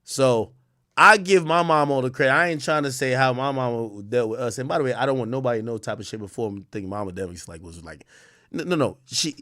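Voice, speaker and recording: A man hosting a livestream, ranting in profane, animated commentary that swings from loud outbursts to low muttering. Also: fast, dry recording, clean studio sound. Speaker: livestream host.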